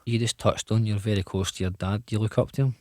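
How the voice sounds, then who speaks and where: A man hosts an interview and asks brisk, short questions at a middling pitch. He prompts his guest with quick follow-ups. The sound is dry, with no room around it. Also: steady tone, mellow, dry recording. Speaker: interviewer, host.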